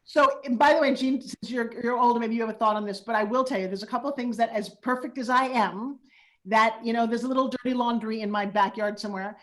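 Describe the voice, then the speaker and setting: Lively storytelling woman host. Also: a little high, quick pace. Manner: animated storyteller who acts out quotes. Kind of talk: casual chat.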